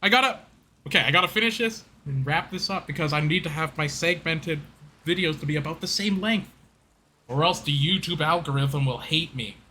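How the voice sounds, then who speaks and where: A man's voice: on the high side, fairly quick, pushed and bright, a little hiss or hum. A young man from British Columbia with a Canadian accent, chatting casually on a game live stream, wandering into tangents and laughing easily.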